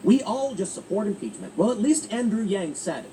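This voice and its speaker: A man hosting political commentary, talking in an emphatic, animated way with frequent restarts. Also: high voice, brisk, few pauses. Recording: distant mic with faint ambient noise.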